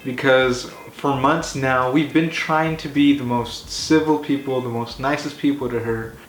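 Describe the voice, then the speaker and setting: A man telling a comedy story in an animated, rambling way, swearing often and filling his talk with "like" and "you know". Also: medium pitch, measured pace. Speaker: comedy vlogger. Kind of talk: casual profane storytelling. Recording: echoey room with faint hiss.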